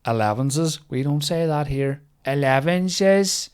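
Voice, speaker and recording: A young man hosts a comedy podcast, talking in a loose, rambling monologue. He swears freely and pokes fun at whatever he reads out. His voice sits in an ordinary middle pitch. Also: moderate pace, darkish tone.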